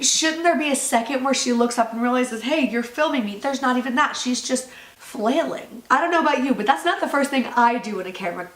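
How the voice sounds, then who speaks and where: A woman's voice: on the high side, a bit bright, echoey room. A young woman from North Carolina giving a chatty, incredulous commentary for her vlog, using "like" a lot. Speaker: YouTuber.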